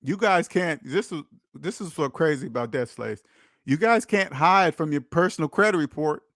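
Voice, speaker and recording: A man's voice: a little high, expressive, moderate pace, fairly bright tone, no echo. Emphatic lecturing man, dry sound. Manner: emphatic, repetitive, lecturing the viewers. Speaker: personal finance channel host. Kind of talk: preachy direct-to-camera monologue.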